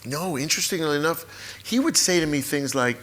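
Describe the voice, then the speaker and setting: A man in his sixties, a memoir author, telling a personal story at a live talk event, halting, repetitive and openly emotional. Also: fairly high pitch, animated, fairly bright tone. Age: 60s.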